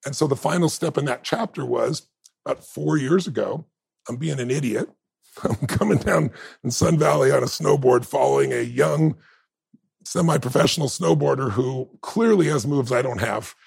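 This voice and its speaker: A man in his fifties with a gravelly, husky voice tells his story as a podcast guest. He acts out what other people said and laughs along the way. His pitch sits in an ordinary middle range. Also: normal speed, a little mellow. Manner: acts out quoted dialogue, laughs often. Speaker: interview guest. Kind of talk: animated storytelling in conversation.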